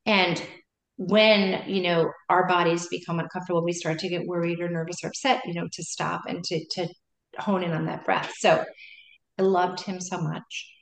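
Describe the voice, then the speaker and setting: Middle-aged woman, lowish voice, rambly chatty guest talk, lots of restarts, roomy echo. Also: little pitch movement, moderate pace, creaky. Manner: loose, trailing sentences with many restarts. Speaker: meditation and yoga teacher, guest. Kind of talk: casual interview chat.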